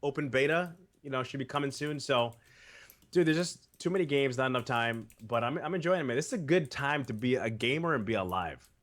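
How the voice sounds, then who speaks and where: A man's voice: medium pitch, animated, a little fast, a bit bright. A man from Massachusetts, hosting a gaming podcast in a laid-back chat, saying man and dude a lot. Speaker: podcast host. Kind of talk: casual chat.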